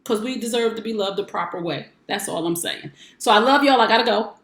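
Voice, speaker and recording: A woman's voice: medium pitch, a little fast. A woman in her forties, a life coach hosting her own broadcast, talking in an emphatic, repetitive, preacherly way. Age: 40s. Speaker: life coach and show host. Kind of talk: motivational broadcast talk. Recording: roomy echo.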